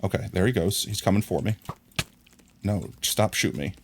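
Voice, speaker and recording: A man streaming a video game live, talking to himself in excited, frantic bursts as he plays. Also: deep voice, moderate pace, a little hiss or hum. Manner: excitable, frantic, talks to himself while playing. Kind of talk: live gameplay commentary.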